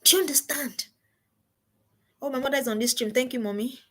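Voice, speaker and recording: A woman's voice: high voice, a little fast, pushed and bright. A middle-aged woman gives an emphatic live-stream parenting talk, repeating her key phrases. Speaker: parenting coach. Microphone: home streaming setup.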